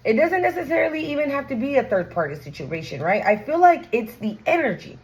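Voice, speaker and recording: A woman's voice: sits high, big pitch swings, brisk, poor audio. Blunt, slangy woman doing a tarot reading. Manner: chatty and blunt, swears freely, slangy. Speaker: tarot reader. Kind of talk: casual tarot reading to viewers.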